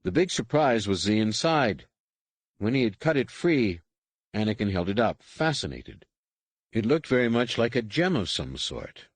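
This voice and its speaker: A man narrating an unabridged novel in a measured, even storytelling manner, recorded in a studio. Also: fairly low pitch, no room sound. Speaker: audiobook narrator. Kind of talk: scripted narration.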